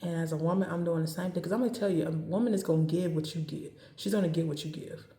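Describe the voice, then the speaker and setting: A woman giving dating advice in a casual talk to camera, speaking calmly and evenly and driving her points home by repeating them. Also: lowish voice, fast, reverberant. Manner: calm, even, straight-talking with emphatic repetition.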